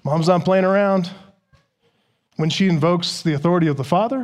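A pastor delivering a sermon to his congregation. The man's voice sits high for a man, and he leans hard on key words, repeating them for stress. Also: moderate pace.

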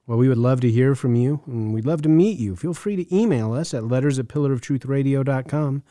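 A man hosting a radio program, speaking directly and warmly to listeners as he closes the show. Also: medium pitch, a little fast, no echo, studio quality. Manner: warm, direct address to listeners.

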